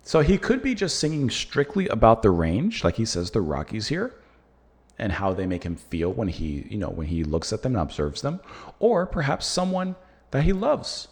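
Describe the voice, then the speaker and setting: Male host with an American accent, relaxed music-review chat, fairly low pitch with very animated ups and downs. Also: normal speed. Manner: musing, thinks aloud with many fillers. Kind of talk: casual music reaction and review.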